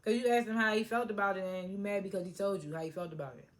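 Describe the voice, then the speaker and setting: A woman hosting a casual recap of a reality TV episode, talking in an excitable, slangy way and often restarting her sentences. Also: mid-range voice, rapid-fire. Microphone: tablet propped on a charger.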